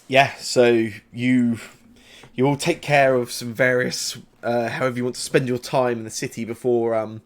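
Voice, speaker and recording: A man running a tabletop game as game master, narrating loosely with many pauses and fillers. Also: medium pitch.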